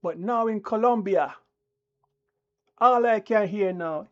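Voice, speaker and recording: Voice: mid-range voice, slow, long pauses, a bit bright, dull audio. A channel host delivering a combative, preachy live-stream rant that talks down to the viewers.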